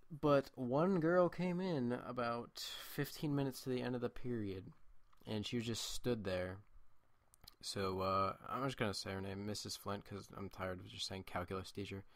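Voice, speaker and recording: A man's voice: lowish voice, fairly even intonation, moderate pace, no room sound. A young man in his late teens tells a long, rambling school story while playing a video game. He breaks off into asides and restarts. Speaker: gameplay commentator. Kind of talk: casual storytelling over gameplay.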